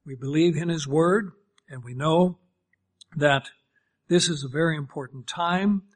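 A man with a high voice preaches a sermon. He is emphatic and cites scripture as he goes, slipping into quick little voices for the people he quotes.

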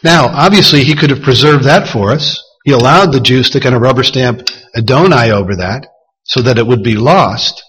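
Man, pastor, sermon, husky voice, measured explanatory delivery. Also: medium pitch, fairly bright tone, low-quality recording.

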